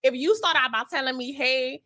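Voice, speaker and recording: Brassy woman co-host, swears freely, big swings in pitch, bright tone. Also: a little fast. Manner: loud, profane, animated, laughs a lot. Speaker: podcast co-host. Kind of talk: casual chat.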